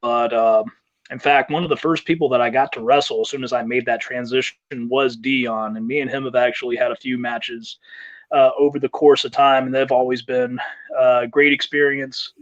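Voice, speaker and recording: Wrestler guest, mid-pitch man, chatty rambling storyteller, lo-fi audio. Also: steady tone, moderate pace. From South Carolina, US. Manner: rambling anecdotes with fillers and laughter. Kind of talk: interview storytelling.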